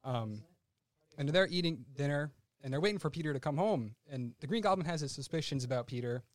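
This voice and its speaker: A man's voice: fairly high pitch, animated, dry recording. Man, podcast co-host; easygoing, tentative, self-correcting; dry close sound. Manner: unhurried, hedging, self-correcting. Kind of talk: casual retelling of a film scene.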